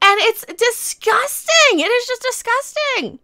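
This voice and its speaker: A woman's voice: very high voice, animated, moderate pace, sharp tone, no echo, studio quality. A woman in her forties ranting sarcastically about celebrities in her commentary vlog. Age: 40s. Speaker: vlogger. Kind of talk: rant commentary.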